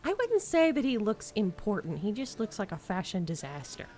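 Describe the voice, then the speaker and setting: A woman's voice: medium pitch, huge pitch swings, moderate pace, dark tone, faint music behind. A woman streamer chatting casually and reading game dialogue aloud with a giggly, playful manner.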